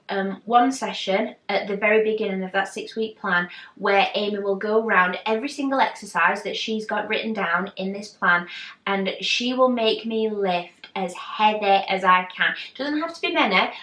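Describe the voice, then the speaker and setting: Brief: woman vlogger, bright forceful voice, lively and chatty, echoey room with the mic set back. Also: mid-range voice, normal speed, distant mic. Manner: animated, chatty, acts out quotes. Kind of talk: casual storytelling to camera.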